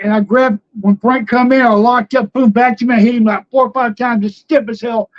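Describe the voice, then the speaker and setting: A man's voice: extremely high pitch, fairly even intonation, a little fast, hardly any pauses, highs cut off. An older man, a former wrestler, telling rambling anecdotes as a guest in a casual interview, laughing often.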